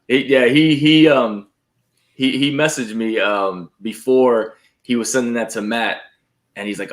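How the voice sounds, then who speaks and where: A man who is a guest on a live stream, stumbling over his words and laughing often as he chats. His pitch is ordinary and middle, and he tells his stories in a loose, halting way. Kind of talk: casual live-stream chat.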